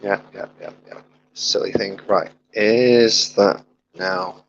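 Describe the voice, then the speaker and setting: A man's voice: on the low side, slow pace, gravelly, lo-fi sound, slight background noise. A man chatting casually on a live stream while he sets up his hobby gear, muttering to himself as he fiddles with things, on a wired headset. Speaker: streamer painting miniatures.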